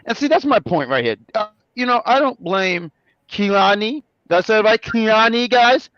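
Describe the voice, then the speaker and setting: A man co-hosting a casual review chat, animated and joking, often correcting himself. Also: high voice, moderate pace, no echo, highs cut off. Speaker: co-host.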